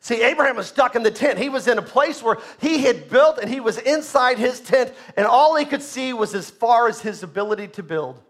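Man, preacher, very high voice, fervent sermon, shouting emphasis. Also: lively intonation, fairly quick, few pauses.

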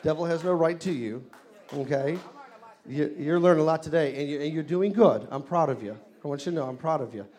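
A man preaching a sermon in a church, leading the congregation in call-and-response and rising to loud exclamations. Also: fairly high pitch, fairly quick. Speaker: pastor. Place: church hall.

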